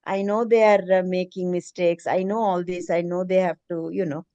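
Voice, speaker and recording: A woman's voice: fairly low pitch, fairly even intonation, normal speed, dark tone, smooth, no echo. A middle-aged woman, earnestly telling a personal story on a video call in a hesitant, emotional way. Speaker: meeting participant, preschool teacher.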